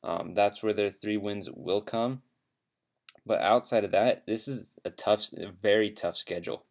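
A man's voice: on the low side, measured pace, gravelly. A man hosting casual football predictions, talking with lots of hesitations, ums and restarts. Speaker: host.

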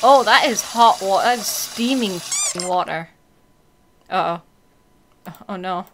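A woman playing a horror game and commenting out loud, reading the text, swearing and reacting to scares. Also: medium pitch, a little slow, slight background noise. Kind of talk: let's-play commentary.

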